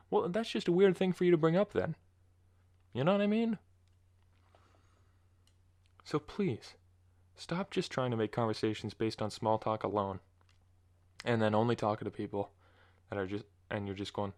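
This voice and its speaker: A man's voice: on the low side, fairly quick, pauses often, a little mellow. A young man hosting a podcast, ranting casually and with exasperation in a rambling, self-correcting way. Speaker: podcast host. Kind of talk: casual solo monologue.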